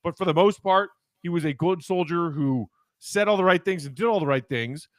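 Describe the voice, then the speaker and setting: A man's voice: high-pitched, normal speed, no room sound. A man hosting a sports podcast, talking in a conversational, analytical way and steering the discussion. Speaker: podcast host. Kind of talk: casual sports podcast chat.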